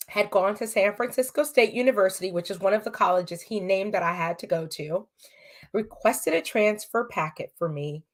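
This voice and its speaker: Earnest woman telling her story. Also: medium pitch. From California. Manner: earnest, emotional, quotes dialogue. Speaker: podcast guest. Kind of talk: personal storytelling interview. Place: podcast studio.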